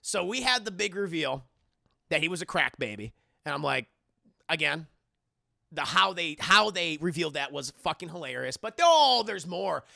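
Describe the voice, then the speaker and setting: A man tears through a comic movie recap for his stream chat, cursing freely. His pitch swoops all over. The voice is gravelly and bright, with a forceful edge. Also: normal speed. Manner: animated, profane, laughing asides.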